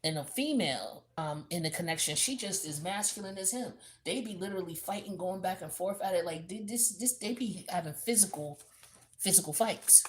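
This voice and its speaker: A woman giving a blunt, animated tarot reading in a casual, profane, slangy way. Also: fairly low pitch, fairly quick, slight background noise. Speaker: tarot reader.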